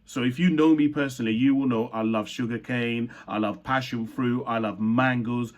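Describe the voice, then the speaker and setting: A man's voice: medium pitch, steady tone, normal speed, dull audio. A young man from Uganda telling a personal childhood story in a reflective way, with frequent repeats and fillers.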